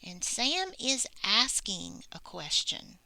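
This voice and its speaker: Woman teacher for an online lesson: unhurried, patient step-by-step delivery, dry close sound. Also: medium pitch, very animated, creaky, bright, forceful tone, no echo. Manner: patient, explains step by step, thinks aloud. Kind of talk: recorded grammar lesson.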